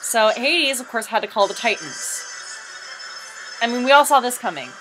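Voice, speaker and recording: High-voiced woman doing wry fan commentary. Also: normal speed, low-quality recording. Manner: chatty and wry, breaks into excited outbursts. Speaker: video commentator. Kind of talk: casual comedic commentary over a fan video. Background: music from the video playing underneath.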